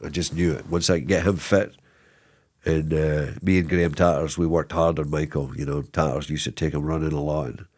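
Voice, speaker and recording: A middle-aged man, a former footballer, telling stories in a casual interview, rambling and animated with many restarts. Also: rumbling low, fairly quick. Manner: animated, rambling, lots of repeated starts and "you know what I mean".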